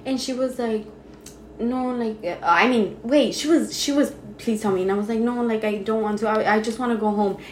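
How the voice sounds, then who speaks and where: A woman's voice: on the high side, normal speed. A young woman co-hosting a casual podcast chat, telling stories animatedly and quoting herself and others. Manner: animated storytelling, quotes herself and teachers. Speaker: podcast co-host. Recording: echoey room with faint noise.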